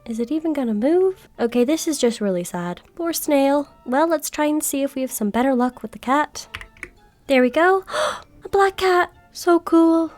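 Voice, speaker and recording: A woman giving chatty, excitable gameplay commentary, often squealing when startled. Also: high-pitched, moderate pace, faint music behind. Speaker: gaming video creator.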